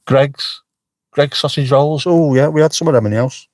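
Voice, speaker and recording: A man's voice: a little high, moderate pace, darkish tone, no room sound. A middle-aged man chatting casually on a livestream, joking and swearing freely as he answers the chat. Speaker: livestream host. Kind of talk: casual live-stream chat.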